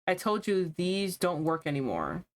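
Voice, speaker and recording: A woman voicing a brooding, possessive young man from a visual novel, speaking low and gruff. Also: wildly swooping pitch, a little slow, full character voice. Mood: menacing.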